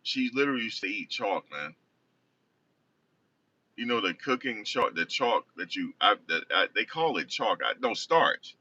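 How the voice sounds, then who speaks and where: A man's voice: fairly low pitch, very animated, moderate pace, bright, forceful tone, slightly rough. A man casually telling a rambling personal story, often correcting himself. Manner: rambling, self-correcting, conversational. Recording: distant dull lo-fi recording.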